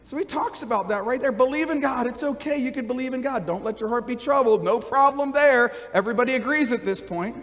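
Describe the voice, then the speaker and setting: A man's voice: very high-pitched, fast talker, hardly any pauses, a bit bright, big-room sound. A man pastor preaching a sermon in a conversational style, often checking in with the congregation with "right?" and light jokes. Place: church sanctuary.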